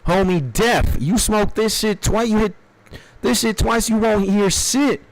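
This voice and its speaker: A man's voice: high voice, animated, measured pace, creaky, dry recording, pitched above the performer's own voice, exaggerated voice, rough recording. A man imitating a stand-up comedian's punchy, hyped delivery while retelling a joke. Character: hyped man comedian warning about strong weed.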